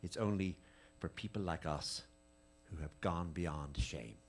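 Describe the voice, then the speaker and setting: A man giving a dramatic reading of letters at a live tribute event, with an intimate, measured, lingering delivery. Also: sits low, lively intonation, slight background noise.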